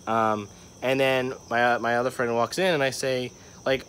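A man's voice: medium pitch, a little fast, a bit bright, a little hiss or hum. A young man telling a story to his vlog camera, rambling, with lots of "like" and "um". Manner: rambling, filler-heavy storytelling. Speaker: vlogger. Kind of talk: casual vlog monologue.

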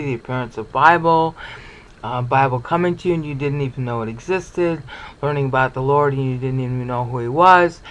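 A man with a voice a little higher than most lectures on scripture in a meandering, explanatory way. He keeps stopping to check that the listener is following, then carries on walking through his points. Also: fairly bright tone, low-quality recording. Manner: discursive, checks in with "okay?". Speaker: Bible teacher. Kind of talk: explanatory Bible study lecture.

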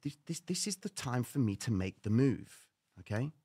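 Animated, expressive male storyteller. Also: medium pitch, normal speed, husky, dry recording, studio quality. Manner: animated, dramatic storytelling with slang. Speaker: trading show host. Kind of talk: live-stream storytelling.

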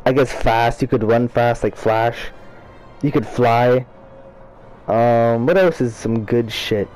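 A man's voice: mid-range voice, a little mellow, low-quality recording. A young man chatting casually and profanely while playing a game, rambling about superpowers between frustrated outbursts. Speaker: gamer. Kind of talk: casual gameplay commentary.

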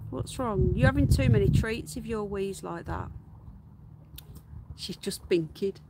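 A woman hosting a casual livestream, unwell with her voice going, chatting to viewers and cooing at her pets in a high, slow baby voice. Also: background noise. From United Kingdom. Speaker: livestream host. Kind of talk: casual live-stream chat. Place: garden outdoors.

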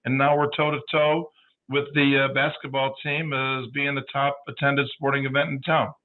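A man's voice: mid-range voice, normal speed. Man telling stories over a tinny line. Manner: lively anecdotal, acts out quoted dialogue. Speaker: guest, baseball team general manager. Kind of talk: casual storytelling chat. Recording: tinny phone-like audio.

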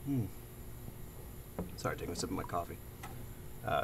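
A man's voice: sits low, moderate pace, gravelly, pauses often, slight background noise. A young man commentating as he plays a horror game, jumpy and cursing, often dropping to a scared whisper. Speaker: gamer playing a horror game. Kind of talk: let's play commentary.

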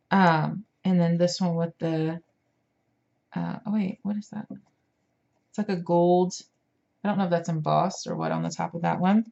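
A woman's voice: fairly low pitch, a little mellow, muffled recording. Tired, chatty woman unboxing craft supplies. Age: adult parent. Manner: chatty, enthusiastic, many fillers. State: tired, yawning. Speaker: craft vlogger. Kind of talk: casual show-and-tell.

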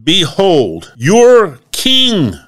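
A man's voice: mid-range voice, animated, slow, voice pushed up. A man voicing an anxious Roman governor. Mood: insistent. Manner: raised, insistent, emphatic.

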